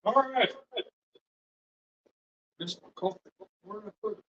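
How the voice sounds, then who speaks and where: A middle-aged man chatting casually to his livestream viewers, rambling from one thing to the next in a slightly high voice. He sounds set back from the microphone, and the recording is dull and muffled. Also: unhurried, pushed and bright, a little hiss or hum. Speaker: livestream host and home cook. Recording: dull, distant mic.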